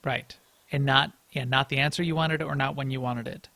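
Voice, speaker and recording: A man's voice: mid-range voice, fairly even intonation, normal speed, creaky, sharp tone, no room sound. A man co-hosting a podcast in casual chat. He rambles, restarts often and chuckles between thoughts. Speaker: podcast co-host.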